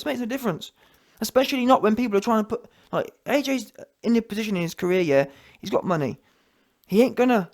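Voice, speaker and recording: Man, fired-up boxing rant, mocking, slangy, keeps adding "yeah". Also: high-pitched. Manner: heated, mocking, slangy, full of restarts and "yeah" tags. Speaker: boxing commentator. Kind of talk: ranting opinion vlog.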